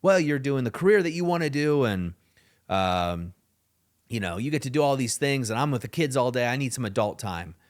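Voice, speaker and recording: A man's voice: medium pitch, expressive, normal speed, voice pushed up, close to an everyday voice. A man voicing a worn-out, frustrated wife and mother who complains in an exasperated way.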